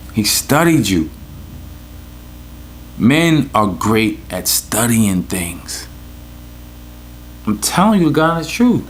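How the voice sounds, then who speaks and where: A man's voice: fairly low pitch, a bit bright, a little hiss or hum. A man with a New York accent, hosting a podcast with a profane, rambling, joking rant. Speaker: podcast host. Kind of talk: casual comedic rant.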